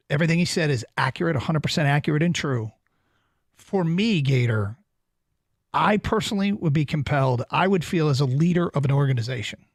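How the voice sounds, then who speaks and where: A man's voice: on the high side, vocal fry, no room sound, studio quality. Emphatic male sports radio host. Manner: deliberate, emphatic, repeats himself to stress a point. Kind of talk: sports talk radio banter and commentary. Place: radio studio.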